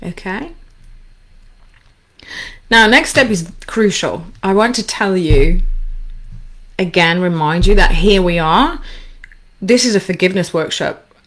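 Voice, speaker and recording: A woman coaching listeners through a guided forgiveness exercise, speaking calmly with slow, repeated instructions. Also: fairly low pitch. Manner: calm, slow, repetitive instructions. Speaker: anxiety coach.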